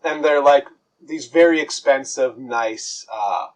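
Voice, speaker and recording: A man's voice: mid-range voice, slow, poor audio. A man narrating as game master, rambling with lots of fillers and restarts.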